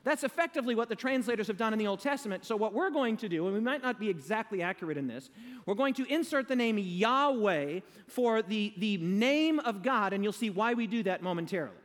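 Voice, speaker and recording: A man's voice: high-pitched, expressive, a little fast, big-room sound. A man preaching a sermon to a live audience, emphatic and leading them in call-and-response.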